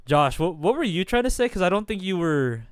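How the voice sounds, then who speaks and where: Animated laughing man. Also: sits high, brisk, clear, resonant tone, no room sound, clean studio sound. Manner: animated, laughs often, swears casually. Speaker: stream host. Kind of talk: casual group chat.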